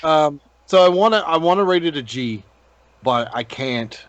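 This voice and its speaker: A man's voice: fairly high pitch, animated, moderate pace, fairly bright tone, no room sound, dull audio. A man co-hosting a casual movie review podcast, rambling with many ums and restarts. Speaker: podcast co-host.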